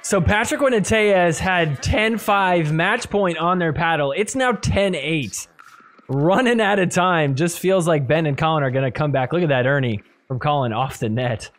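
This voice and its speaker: A man hosting a podcast, giving animated play-by-play commentary over match replays and laughing often. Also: fairly high pitch, moderate pace, no echo. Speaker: podcast host. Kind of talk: excited sports recap commentary.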